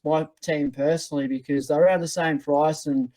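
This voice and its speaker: Chatty Australian man, higher voice. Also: fairly even intonation, normal speed, mellow, poor audio. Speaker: podcast co-host. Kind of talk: casual chat.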